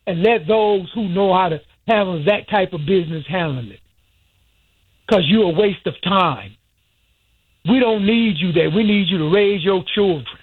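A man's voice: high-pitched, moderate pace, breathy edge. A man calling in to a radio show, bluntly scolding and ranting. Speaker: caller. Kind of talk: opinionated call-in rant. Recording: muffled phone line.

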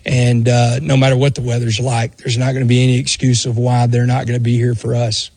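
A man's voice: medium pitch, monotone, a little fast, darkish tone, husky, no echo. A man speaking as a college football coach in an earnest, folksy way. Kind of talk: interview clip.

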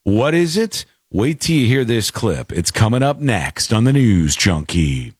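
A man hosting a talk radio show, reading listener emails aloud in a joking, animated way. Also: lowish voice, unhurried, husky, no room sound, clean studio sound. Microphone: studio microphone.

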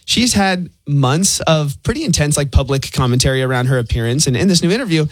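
A man hosting a radio show, reading entertainment news in quick, chatty banter. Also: fairly high pitch, lively intonation, no echo. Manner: quick, chatty, laughing easily. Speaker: radio host.

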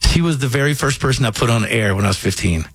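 A man's voice: mid-range voice, quick pace, breathy edge, no echo. A man from Kentucky with a faint Southern accent, a radio host telling stories in casual on-air chat. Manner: animated storyteller, acts out voices.

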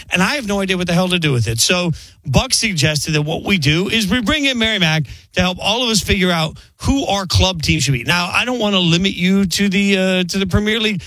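A man hosts sports radio in a loose, joking way, stumbling through restarts. His somewhat high voice sounds dry and close on the mic. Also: a bit bright, no room sound. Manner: rambling, hesitant, joking. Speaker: radio co-host. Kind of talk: casual sports radio chat. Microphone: studio mic.

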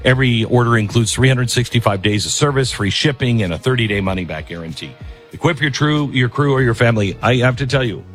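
A man's voice: medium pitch, expressive, quick pace, fairly bright tone, soft background music. A man hosting a political talk radio show and reading an ad in an emphatic, conversational way, often breaking off to restart his sentences.

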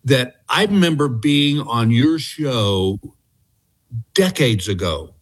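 Easygoing Texas-raised man in his sixties. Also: mid-range voice. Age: 60s. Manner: relaxed storyteller with frequent filler pauses. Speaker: comedian guest. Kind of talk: casual interview chat, storytelling. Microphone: calling in by phone.

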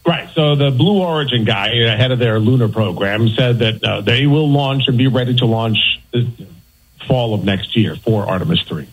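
Man, radio guest, husky voice, matter-of-fact explaining, lots of uh. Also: mid-range voice, moderate pace, poor audio. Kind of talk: casual radio chat.

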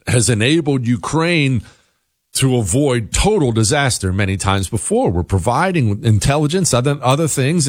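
A man's voice: a little high, no echo, clean studio sound. A man hosting a political commentary show, talking in an emphatic, insistent, conversational monologue.

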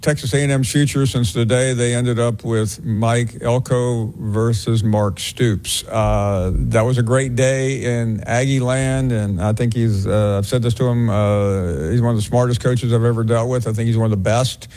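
Measured male sports radio host. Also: mid-range voice, fairly even intonation, warm tone. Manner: measured, hesitant with many fillers. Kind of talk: sports radio talk show.

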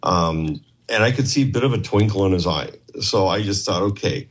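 A man telling a story in casual chat, animated, repeating himself and acting out quotes. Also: low voice, fairly quick, slightly rough. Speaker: guest.

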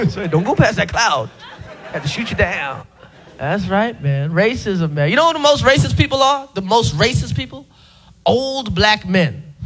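A man performs stand-up on a comedy club stage in a very high, piercing voice. His delivery is loud, punchy and incredulous, and it swings up and down a lot. A faint hiss sits under the stage mic. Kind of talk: live stand-up routine.

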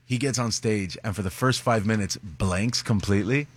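A man who is a comedian guest, telling an animated story in conversation. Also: lowish voice, moderate pace, dry recording. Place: radio studio.

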